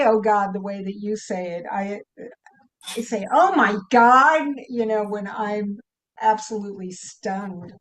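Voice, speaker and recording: A woman speaks at an unhurried pace in a spiritual study group. She is animated and laughs easily, and she lifts her voice to act out the lines she quotes. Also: mid-range voice. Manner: animated, laughing often, quoting with lively emphasis. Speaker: group participant.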